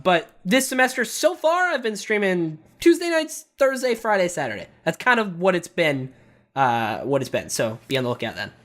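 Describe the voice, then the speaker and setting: A man joins a podcast as a guest and chats casually. His pitch swoops up and down as he tells stories. He sits at a middle pitch and jokes around freely. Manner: animated, joking storyteller. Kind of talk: casual chat.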